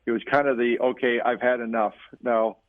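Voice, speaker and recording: A man's voice: mid-range voice, level tone, fairly quick, no room sound. A man calling in over a thin, tinny phone line, with a mid-range voice. He teases his co-host in an easygoing way and talks through golf practice. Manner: teasing, easygoing. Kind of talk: casual radio chat.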